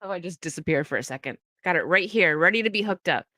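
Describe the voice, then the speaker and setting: A woman's voice: lowish voice, lively intonation, fast, bright, forceful tone, dry recording, studio quality. A woman hosting a casual livestream, chatting with viewers, reading their messages aloud and laughing often as she talks. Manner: chatty and upbeat, laughs often, frequent restarts. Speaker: livestream host reading chat. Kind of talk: casual chat.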